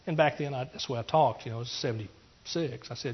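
A pastor from East Texas giving an earnest testimony sermon, rambling through restarts and rising into emphatic preaching. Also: male voice, mid-range voice, expressive, fast, lo-fi sound, slight background noise.

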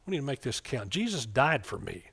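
A middle-aged man preaching a fervent sermon, calling out for amens and swinging between soft asides and loud bursts. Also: medium pitch, sing-song, brisk, creaky, husky.

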